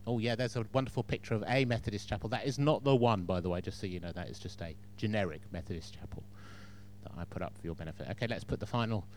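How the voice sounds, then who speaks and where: A man's voice: fairly low pitch, quick pace, a little hiss or hum. A man preaching a sermon in a chatty storytelling way, with frequent asides to the congregation.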